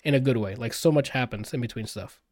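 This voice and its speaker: A man with a medium-pitched, darkish voice talks quickly in a dry, studio-quality recording. In a casual podcast chat he gushes about a film he just saw, swearing freely and rambling with fillers.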